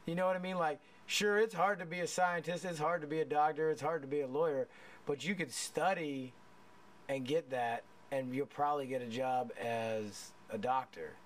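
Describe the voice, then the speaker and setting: A man's voice: on the high side, fairly even intonation, moderate pace. A man hosting a casual chat, telling profane stories with a lot of laughter and restarts. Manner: rambling with many restarts.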